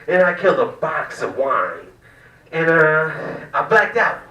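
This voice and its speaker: A man from the American South doing a loud, profane, rambling stand-up set in a small cafe comedy room. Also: a little high, big pitch swings, measured pace. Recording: echoey room, mic at a distance.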